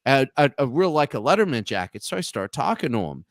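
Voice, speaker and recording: A man's voice: mid-range voice, fairly quick, slight background noise. A man in his thirties tells a long, rambling story as a guest on a casual talk show, restarting his sentences as he goes. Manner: rambling, animated anecdote with restarts.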